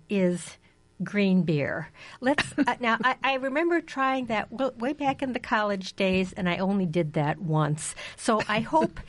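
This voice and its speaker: A woman hosting a radio show, chatting casually and laughing easily between songs. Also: on the high side. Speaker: radio host.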